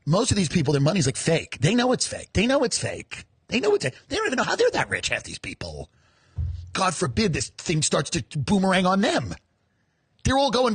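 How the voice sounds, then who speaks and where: A man's voice: high-pitched, huge pitch swings, normal speed, breathy edge, no room sound. A man delivering a sarcastic, profane comedic rant full of heated rhetorical questions.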